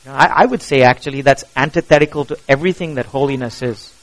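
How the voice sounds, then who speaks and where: A pastor preaching a sermon, animated and asking the congregation questions as he goes. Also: medium pitch, fast, poor audio.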